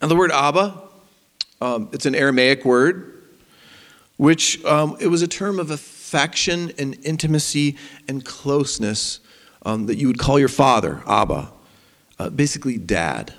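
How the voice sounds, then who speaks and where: A man preaching a sermon as pastor, animated and rising to emphasis. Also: mid-range voice, a little slow. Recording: long hall reverb.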